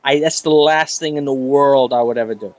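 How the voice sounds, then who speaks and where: A man's voice: mid-range voice, brisk, dry recording, dull audio. A middle-aged man from New York chatting on a late-night live stream, telling stories with lots of animation. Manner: animated storyteller, acts out others' voices. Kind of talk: casual late-night chat.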